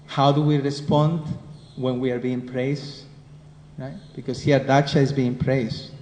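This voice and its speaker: A man's voice: medium pitch, level tone, unhurried, darkish tone. Spanish-accented man teaching in an echoey hall. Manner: conversational, keeps asking the listeners questions. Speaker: scripture class teacher. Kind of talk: devotional class lecture. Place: class room with listeners. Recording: roomy hall echo with faint noise.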